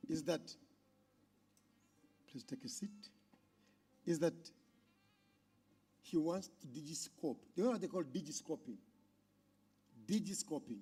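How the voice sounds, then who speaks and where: A Ugandan man emcees a conference from the stage, his voice husky and mellow yet pitched a touch high. He calls out to the crowd in a loud, animated way. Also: moderate pace, pauses often. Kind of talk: live stage hosting.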